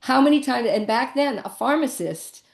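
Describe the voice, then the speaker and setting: A woman's voice: high voice, expressive, normal speed, gravelly. A middle-aged woman giving a personal family-history talk over a video call, conversational and emotional, with many ums and restarts. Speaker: presenter.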